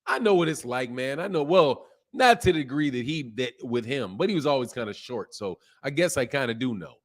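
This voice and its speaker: On his casual boxing stream, a man speaks briskly in a medium-pitched voice. He reacts to chat with animated slang and reads viewers' comments aloud.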